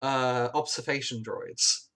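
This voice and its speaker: A man running a tabletop role-playing session, his pitch rising and falling a lot. He narrates in a halting way, stopping and restarting often, with many fillers and frequent laughter. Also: lively intonation, vocal fry, bright, forceful tone. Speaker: game master.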